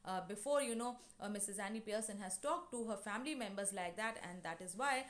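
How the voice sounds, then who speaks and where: In an English lesson explaining a play, a female teacher retells a scene and performs the lines herself, filling her explanation with lots of fillers. Her voice is mid-range and her pace brisk.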